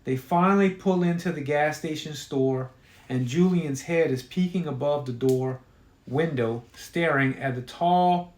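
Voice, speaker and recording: A man reading his own horror story aloud in a casual storytelling manner, with occasional fillers. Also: on the high side. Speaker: author. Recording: roomy echo.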